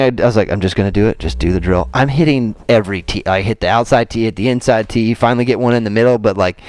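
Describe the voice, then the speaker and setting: A man co-hosting a casual podcast, telling a story with animated swings as he acts out his own frustration. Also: on the low side, dry recording. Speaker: golf coach and podcast co-host.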